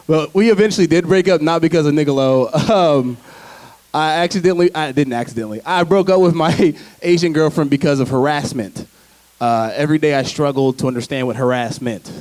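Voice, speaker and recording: A man's voice: on the high side, a little fast, a little mellow, no room sound. A man performing a stand-up comedy set on stage, talking loosely and chatting with the crowd between jokes. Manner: loose, conversational delivery with frequent laughs and asides to the crowd. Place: theater stage before a live audience.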